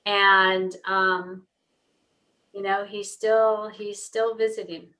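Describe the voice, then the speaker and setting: A woman's voice: mid-range voice, level tone, takes it slowly, pushed and bright, poor audio. A middle-aged woman, a pet communicator, explaining her work in an earnest, storytelling way during an interview. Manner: earnest, storytelling, acts out dialogue.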